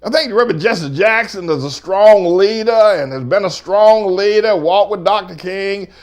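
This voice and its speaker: High-voiced emphatic male pastor. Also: moderate pace. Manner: emphatic, repetitive, swings from loud to low and scornful. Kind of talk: sermon.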